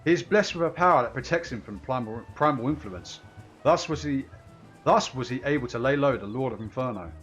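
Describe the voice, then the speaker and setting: A man's voice: medium pitch, fairly quick, a bit bright, breathy edge, dull audio, soft background music. A man reading game lines aloud, voicing an earnest young scholar who speaks formally and solemnly.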